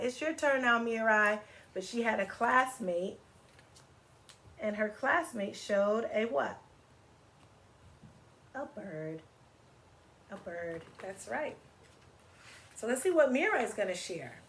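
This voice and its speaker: An animated woman reading a picture book to children. She talks in a teacherly way and keeps pausing to ask her young listeners questions and get them to join in. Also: medium pitch. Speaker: children's story reader. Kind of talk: read-aloud for children.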